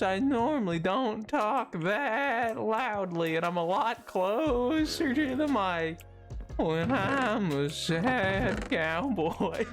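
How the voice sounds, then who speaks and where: A woman putting on the voice of a sad, broke male cowboy, drawling and mournful, close to the mic. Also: medium pitch. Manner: slow, drawn-out, mournful talk. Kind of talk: live-stream character voice. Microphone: closer to the mic than usual.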